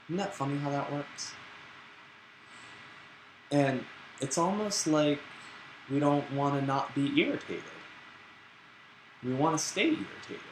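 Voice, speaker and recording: A man teaching a live-streamed yoga class in a relaxed, chatty and playful way. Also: medium pitch. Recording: roomy echo with background noise.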